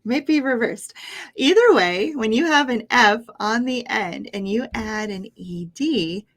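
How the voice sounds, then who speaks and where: A woman's voice: fairly high pitch, lively intonation, slow. A woman with an American accent teaching English pronunciation, patient and encouraging, often laughing lightly as she explains. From United States. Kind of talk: pronunciation lesson.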